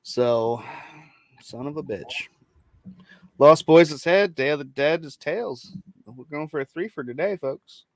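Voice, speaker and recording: A man's voice: fairly high pitch, measured pace, pauses often, darkish tone. A man co-hosting a casual podcast chat, swearing freely and telling stories with animation. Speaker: podcast co-host.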